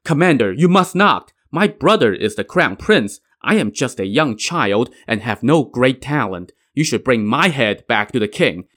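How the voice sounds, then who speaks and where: A man's voice: mid-range voice, fairly bright tone, close to an everyday voice. A man voicing a desperate young prince.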